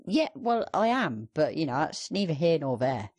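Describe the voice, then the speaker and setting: A man's voice: fairly high pitch, big pitch swings, moderate pace, a little mellow. A young man co-hosting a gaming podcast, chatting casually with lots of fillers and a sarcastic streak. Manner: rambling, filler-heavy, sarcastic. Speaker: podcast co-host. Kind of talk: casual banter.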